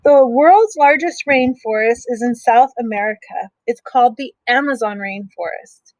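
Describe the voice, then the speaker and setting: Gentle teacher woman reading aloud. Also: on the high side, rough recording. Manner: gentle, explains slowly with simple asides. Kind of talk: reading a picture book aloud to young students.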